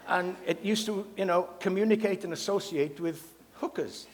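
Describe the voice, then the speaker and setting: A man's voice: sits high, moderate pace. A man hosting a variety show, telling jokes on stage and introducing acts with a showman's flair. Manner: showman, playful. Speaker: emcee. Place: stage in a hall. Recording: long hall reverb.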